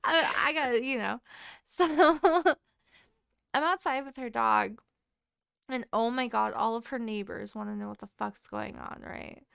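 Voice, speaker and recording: A woman co-hosting a podcast, telling a story in casual chat, animated and full of swearing. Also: a little high, unhurried, creaky, clean tone, no echo, studio quality. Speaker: podcast co-host.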